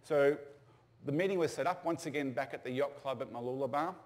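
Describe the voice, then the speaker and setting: A man's voice: mid-range voice, a little fast, a little mellow. An older man, telling stories casually with fillers and restarts. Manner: casual anecdotal storytelling with fillers. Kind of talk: storytelling talk.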